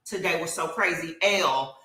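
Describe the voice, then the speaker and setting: A woman chats on a podcast, her voice bright and forward. She tells stories with animated energy and frequent fillers. The room around her is echoey. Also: on the low side, normal speed. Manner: animated storytelling with many fillers. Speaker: podcast co-host. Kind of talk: casual podcast chat.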